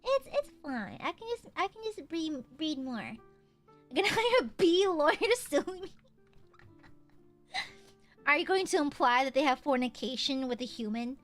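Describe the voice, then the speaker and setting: A woman's voice: sits high, sing-song, normal speed, long pauses, a bit bright, faint music behind. A woman streaming a game live, chatting casually and playfully, with melodramatic outbursts and free swearing. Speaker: VTuber streamer. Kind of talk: casual live gameplay chat.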